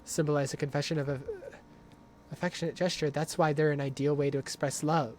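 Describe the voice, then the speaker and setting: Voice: mid-range voice, fairly even intonation, fairly quick, a little mellow, a little hiss or hum. A livestreamer commenting on a game while playing, ranting in exasperated, swearing outbursts and repeating phrases over and over. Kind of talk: live gaming commentary.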